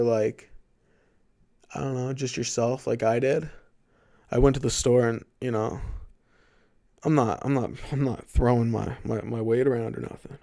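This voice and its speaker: A young Canadian man hosts a podcast, rambling, joking casually and swearing plenty. His mid-range voice is creaky with a darkish tone.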